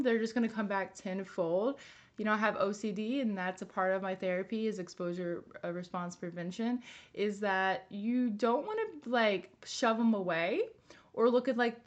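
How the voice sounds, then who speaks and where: A young woman speaking to camera in a casual wellness vlog. She sounds earnest and chatty, with plenty of fillers and little restarts in her sentences. Her voice sits at an ordinary pitch for a woman. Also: muffled recording. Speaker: wellness vlogger. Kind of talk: casual personal vlog talk.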